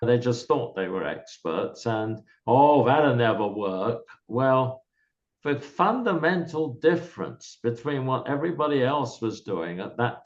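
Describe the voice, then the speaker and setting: An older man, a guest in an interview, recalls his career in a measured, explanatory way. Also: mid-range voice. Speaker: guest, software founder. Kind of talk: candid reminiscing interview. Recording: slightly dull lo-fi recording.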